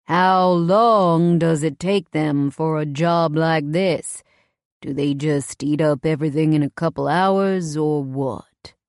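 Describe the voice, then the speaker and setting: A woman voicing a towering, cold stranger man with a deep voice and a Southern accent. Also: slow, a little mellow, dry recording, studio quality. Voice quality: deep, blunt.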